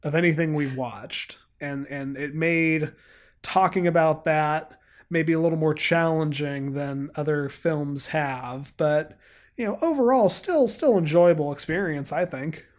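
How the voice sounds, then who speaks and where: A man co-hosting a podcast, talking casually in a halting, rambling way with fillers and laughs. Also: on the high side. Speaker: podcast co-host. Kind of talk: casual chat.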